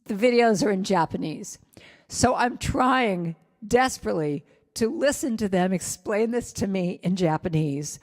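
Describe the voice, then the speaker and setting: A woman's voice: medium pitch, lively intonation, unhurried, darkish tone, big-room sound. A woman guest speaker and singer telling a candid, self-deprecating personal story to a spiritual gathering. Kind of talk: sermon-style personal story. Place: spiritual center hall.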